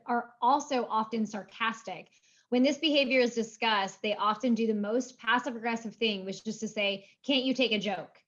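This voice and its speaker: A woman co-hosting a live session, reading an audience question aloud in a brisk, matter-of-fact way. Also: fairly high pitch, a bit bright, muffled recording.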